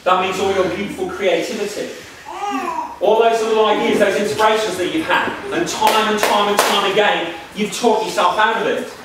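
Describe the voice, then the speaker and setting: Emphatic, high-voiced male lecturer. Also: steady tone, normal speed, noisy background. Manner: emphatic, repetitive, preacher-like. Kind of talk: spiritual workshop lecture. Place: lecture room. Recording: echoey room from a distance.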